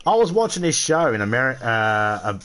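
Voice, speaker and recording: A man's voice: medium pitch, sing-song, a little fast, a bit bright, smooth. A man with an Australian accent, streaming a game and ranting crudely with lots of swearing. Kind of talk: casual gaming livestream rant.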